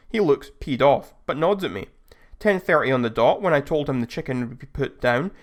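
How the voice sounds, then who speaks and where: A man narrating online stories in a steady, scripted reading style. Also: on the high side. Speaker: story narrator.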